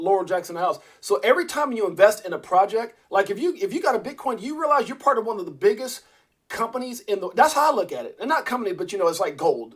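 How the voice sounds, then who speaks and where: High-voiced rambling crypto streamer man. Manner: rambling, restarts often, addresses viewers as guys. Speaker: crypto livestream host. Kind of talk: casual livestream talk.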